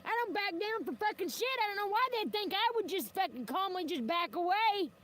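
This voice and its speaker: High-voiced woman streamer, combative, foul-mouthed, rambling rant. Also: animated, brisk, fairly bright tone. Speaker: livestreamer. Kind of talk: ranting livestream monologue.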